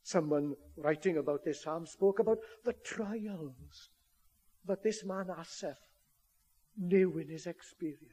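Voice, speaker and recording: A man's voice: a little high, unhurried, warm tone, breathy edge. A man preaching a sermon to a congregation, earnest and building to emphatic appeals.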